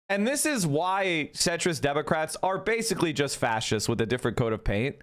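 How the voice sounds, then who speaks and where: A male streamer with a slightly raised pitch and a very lively, swinging delivery. He argues sarcastically in loose, casual stream talk. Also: brisk, hardly any pauses. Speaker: streamer in a played clip.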